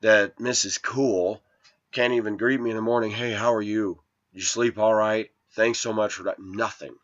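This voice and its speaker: A man's voice: lowish voice, fairly even intonation, moderate pace. A man telling a long personal story in a rambling, aggrieved monologue, his voice rising when he replays arguments. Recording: lo-fi dull sound.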